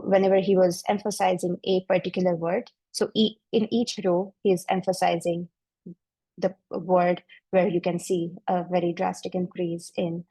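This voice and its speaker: A woman researcher giving a technical webinar presentation, walking through her slides in a measured, explanatory way over a video call mic. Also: lowish voice, vocal fry, warm tone, husky, dry recording, poor audio.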